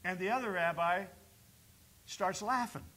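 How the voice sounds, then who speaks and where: Male pastor preaching in a church, higher, bright voice, loud calls traded with hushed telling. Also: a little slow. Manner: preaches with rising bursts and quiet storytelling dips. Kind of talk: sermon. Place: church sanctuary.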